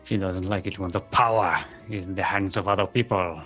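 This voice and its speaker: A man's voice: deep voice, a little fast, pushed and bright, soft background music. A young man casting a live game match on his own, rambling and joking with many fillers and restarts. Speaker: esports caster. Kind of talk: solo live game commentary.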